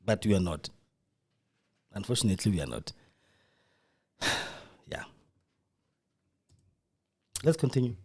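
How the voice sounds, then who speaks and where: A South African man hosting a live radio podcast from a studio. He comments in a mocking, animated way and acts out the voices he quotes. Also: fairly low pitch, a little slow, long pauses, slightly rough. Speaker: podcast host.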